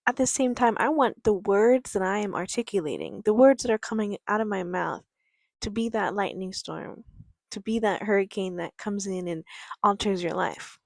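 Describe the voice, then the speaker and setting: A woman life coach giving a reflective motivational talk in a gentle, calm, quiet and patient way. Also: medium pitch, gravelly, no echo. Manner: unhurried, patient delivery. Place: outdoors near a creek.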